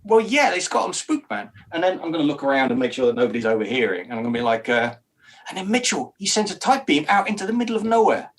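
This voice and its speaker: Male player with an animated, slightly high voice; plays a twitchy, conspiratorial spacer in tabletop role-play. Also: quick pace. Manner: jittery, conspiratorial, rambling and paranoid in character.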